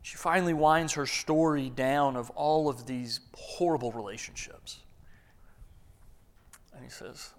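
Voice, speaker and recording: A man's voice: mid-range voice, measured pace, long pauses. A man preaching a sermon, telling a story earnestly with small restarts.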